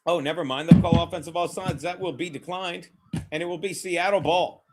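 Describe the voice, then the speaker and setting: High-pitched guy cussing nonstop on a watchalong stream, mocking folks and muttering at his browser. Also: steady tone, fairly quick, very noisy. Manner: profane, rambling, mutters while fiddling with browser; brash and mocking. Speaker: streamer hosting a betting watchalong. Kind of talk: live-stream commentary and chat.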